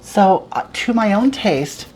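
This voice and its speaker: A woman's voice: medium pitch, expressive, slow pace, darkish tone, a little hiss or hum. A woman playing a dramatic, self-styled glamorous home cook who hosts a comedic cooking show and rambles in a sing-song, theatrical way. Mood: chatty.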